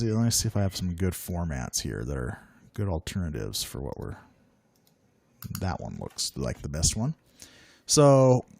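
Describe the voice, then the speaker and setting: A man hosting a casual talk show in an upbeat, joking way. His voice sits a little low. The sound is dry and close, with little room around it. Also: darkish tone, no echo. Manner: upbeat, joking, self-deprecating. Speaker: podcast host. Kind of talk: casual chat.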